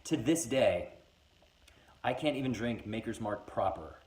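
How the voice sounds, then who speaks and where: A man in his twenties telling a funny personal story in a casual, animated way, acting out voices as he goes. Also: lowish voice, unhurried. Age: 20s. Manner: animated, acts out every voice in the story. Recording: echoey room.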